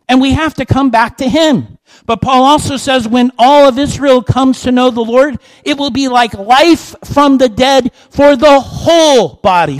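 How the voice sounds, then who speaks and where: A man preaching a sermon, shifting between quiet explanation and raised, animated passages, sometimes voicing imagined listeners. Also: no room sound, low-quality recording. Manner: animated, rises and drops in pitch and volume, acts out listeners.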